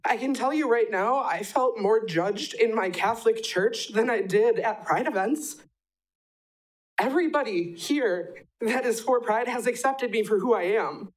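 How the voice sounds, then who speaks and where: A woman's voice: a little high, unhurried, poor audio. A young woman giving an emotional, heartfelt public comment at a city council meeting, close to tears.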